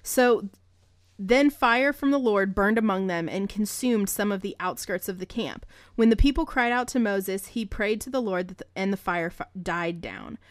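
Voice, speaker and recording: A woman's voice: medium pitch, normal speed, no echo, clean studio sound. A woman hosting a casual podcast, reading Bible passages and breaking in with profane, joking commentary. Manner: irreverent, profane, joking asides between scripture passages. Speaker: podcast host.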